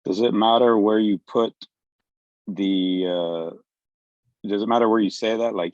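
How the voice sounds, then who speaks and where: A man's voice: fairly low pitch, steady tone, unhurried, long pauses, a little mellow. A man, a student in an online class, asking a hesitant question and rephrasing it. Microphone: video call. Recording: dry, dull video call audio.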